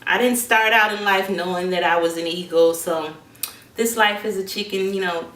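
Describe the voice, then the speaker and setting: A woman voicing a young eagle raised among chickens, speaking quietly and resignedly in slang, recorded with a roomy echo from a distance. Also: fairly low pitch, normal speed, lightly acted.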